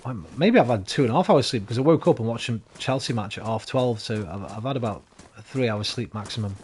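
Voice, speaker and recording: A man's voice: medium pitch, fast, darkish tone, breathy edge. A tired man chatting and rambling casually to his viewers while streaming a game. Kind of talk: casual live-stream chat while gaming.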